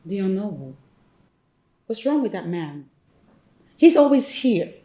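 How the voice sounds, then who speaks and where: A woman's voice: medium pitch, very animated, measured pace, mellow. An actress with a Nigerian accent playing a spoiled, suspicious young woman who complains and protests. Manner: complaining, indignant. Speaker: actor playing a young woman, the brother's sister.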